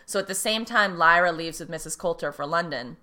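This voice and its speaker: A woman's voice: fairly low pitch, brisk, sharp tone. A woman casually recapping a TV episode, rambling and quoting the characters. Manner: rambling retelling with quoted lines and fillers. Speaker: podcast co-host recapping a TV episode. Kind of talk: casual chat.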